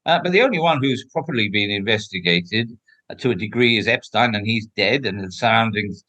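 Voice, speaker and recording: Emphatic older man with a lively voice. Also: fairly low pitch, a little fast. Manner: emphatic, outspoken, frequent restarts. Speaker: former royal protection officer, guest. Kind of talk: interview answers.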